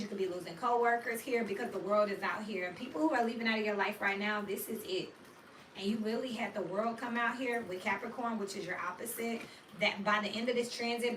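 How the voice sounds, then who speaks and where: A woman's voice: medium pitch, a little hiss or hum. A woman giving a casual tarot reading in a blunt, slangy way, cursing freely and telling stories with a lot of animation. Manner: animated storyteller. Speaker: tarot reader. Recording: roomy echo, distant mic.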